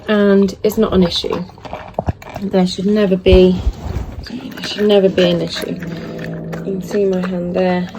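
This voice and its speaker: A woman, a dog trainer, explaining hand feeding while filming on a phone held in her hand and softly praising her puppy. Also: medium pitch, background noise. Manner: soft murmured praise to the puppy. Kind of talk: casual instructional talk.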